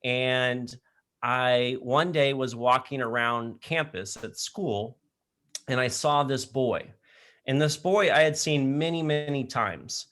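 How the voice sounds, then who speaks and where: A man speaking in an online session from his laptop mic, telling an animated story to high school students with frequent laughter. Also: slow. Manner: energetic, animated storyteller who laughs often. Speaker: leadership program speaker.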